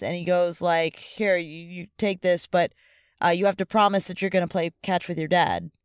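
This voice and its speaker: Co-host type, smooth clear voice, dry sound, chatty rambling storyteller, upbeat. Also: mid-range voice, no echo. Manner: rambling, many "like" and "you know" fillers; enthusiastic, upbeat. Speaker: sports podcast co-host. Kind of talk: casual chat, retelling a story.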